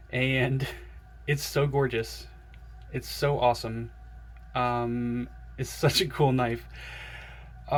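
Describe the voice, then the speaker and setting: A man excitedly unboxing and looking over a knife in a casual vlog, gushing and chatting to his viewers. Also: mid-range voice. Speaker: knife collector vlogger.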